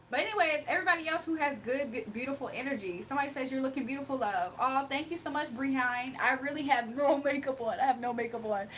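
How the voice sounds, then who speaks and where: A woman's voice: high-pitched, fairly quick, fairly bright tone, a little hiss or hum, low-quality recording. Sassy woman livestreaming to chat. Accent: faint foreign accent. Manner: sassy, talks back to chat. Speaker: livestream host.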